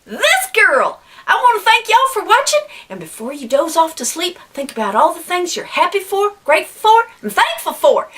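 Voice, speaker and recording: A woman's voice: very high voice, sing-song, moderate pace, hardly any pauses, a bit bright. A woman hosting her own comedy show to camera, gushing and childlike, squealing with delight. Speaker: web show host. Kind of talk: bubbly comedic chat to camera.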